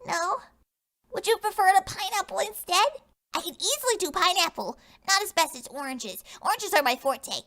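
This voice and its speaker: A woman's voice: extremely high pitch, animated, normal speed, fairly bright tone. Screwball, a hyper chaos filly, voiced by a woman. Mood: nervous babbling. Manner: boastful and hyper, swinging to sulky and small. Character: mischievous young filly, chaos princess, half-draconequus. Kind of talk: fan-made animated film dub.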